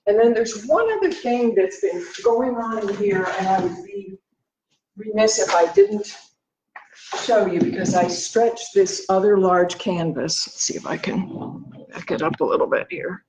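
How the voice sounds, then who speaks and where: A painter from the United States chats casually in her studio, thinking aloud in a rambling, halting way and sounding a little out of breath. A laptop microphone records her darkish mid-range voice in a rough, roomy recording with a little hiss or hum.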